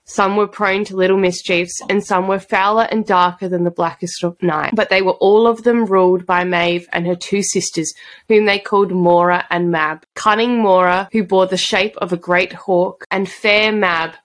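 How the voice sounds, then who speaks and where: A woman's voice: mid-range voice, normal speed. Woman co-host, casual book chat. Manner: animated, reads quotes dramatically. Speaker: podcast co-host. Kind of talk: casual book chat, reading passages aloud.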